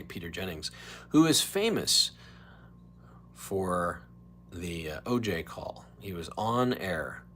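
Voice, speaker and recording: A man hosting his own livestream podcast, rambling casually between topics and slipping into quick impressions. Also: low-pitched, a bit bright, slight background noise. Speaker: podcast host. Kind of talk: casual solo livestream chat.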